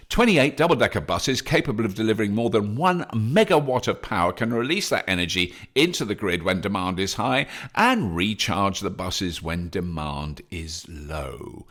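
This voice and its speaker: Man, podcast host, low voice, very lively pitch, enthusiastic, chatty, self-deprecating. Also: moderate pace, few pauses. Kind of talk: solo news update podcast.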